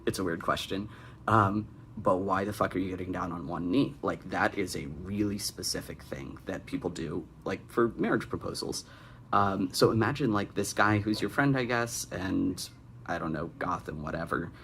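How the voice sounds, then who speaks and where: A man's voice: low-pitched, normal speed, vocal fry, a bit bright, a little hiss or hum. A young man hosting a comedic critique of bad fan fiction, with sarcastic, exasperated asides. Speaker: fanfic critic and host.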